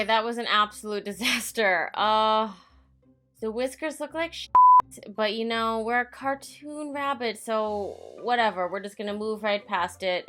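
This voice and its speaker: A woman's voice: mid-range voice, sharp tone. A woman giving a casual makeup tutorial voice-over, chatty and self-mocking, swearing freely and talking to herself. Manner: talks to herself as an onlooker. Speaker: makeup vlogger.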